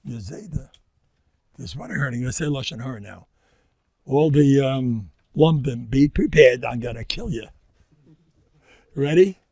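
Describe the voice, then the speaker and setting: A man's voice: mid-range voice, animated, normal speed, pauses often, a little mellow, slightly rough. An older man, giving an informal, rambling Torah talk as a rabbi, joking and dropping Yiddish and Hebrew words. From Far Rockaway, New York. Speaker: rabbi lecturer.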